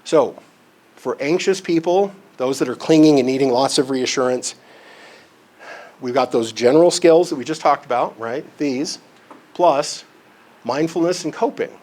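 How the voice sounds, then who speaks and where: Speaking at normal speed with frequent pauses, this man has a mid-range, somewhat dark voice. In a conference room, he gives a live, conversational talk on relationships and counseling, regularly checking in with listeners and mixing in homely examples and self-deprecating humor.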